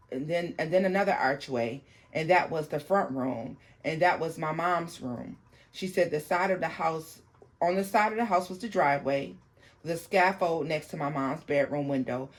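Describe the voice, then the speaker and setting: Halting storyteller reading a ghost story. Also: mid-range voice. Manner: reads haltingly, with frequent restarts and asides to viewers. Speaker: tarot channel host. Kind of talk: reading a viewer's paranormal story aloud.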